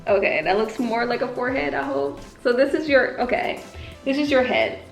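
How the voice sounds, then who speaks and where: Animated young woman with a country accent. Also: sits high, moderate pace, creaky. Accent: Southern US country. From Southern US. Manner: animated, acts out dialogue with exaggerated voices. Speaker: vlogger. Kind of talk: personal storytelling vlog. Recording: echoey room with faint music.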